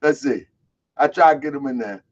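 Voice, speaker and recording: A man from Baltimore hosting a live online show, talking loud, boisterous and streetwise, calling people out. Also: medium pitch, brisk, muffled recording. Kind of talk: casual live-stream talk.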